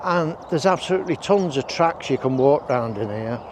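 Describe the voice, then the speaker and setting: A man's voice: fairly high pitch, animated, normal speed. Chatty man, breathing heavily outdoors. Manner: chatty, rambling, self-deprecating asides. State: heavy breathing while walking. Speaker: walking vlogger. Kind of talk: casual walk-and-talk narration. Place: outdoors on roads and country paths. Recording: outdoor noise while walking.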